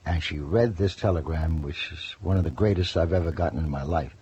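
An older man, a former news correspondent, telling lively anecdotes in an interview and acting out the quotes. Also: very deep voice, a little fast, breathy edge. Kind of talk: storytelling interview. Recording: dull lo-fi radio recording.

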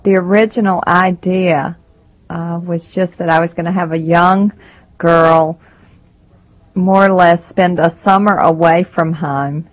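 A woman with a Southern American accent, an author answering interview questions at an unhurried pace. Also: lowish voice, steady tone, low-quality recording.

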